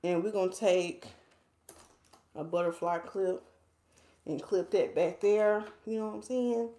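A woman's voice: fairly low pitch, fairly even intonation, a little slow, mellow, reverberant. A woman, a hair stylist chatting playfully with viewers while doing a hair tutorial at home. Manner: chatty, playful, talks to viewers as y'all, reads comments aloud. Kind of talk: casual livestream hair tutorial chat.

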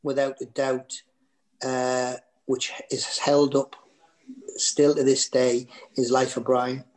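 A man with a Geordie accent talks at an ordinary pitch, chatting loosely as a podcast guest. His stories wander, with restarts and fillers, and he laughs easily at himself. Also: level tone, slow pace, darkish tone. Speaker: guest comedian. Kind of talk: anecdotal podcast chat.

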